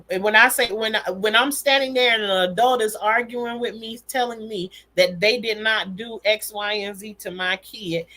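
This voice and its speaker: Bright-voiced woman chatting candidly on a livestream. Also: mid-range voice. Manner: candid, emphatic storytelling with frequent laughs. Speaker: livestream host and mother. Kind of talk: casual livestream chat.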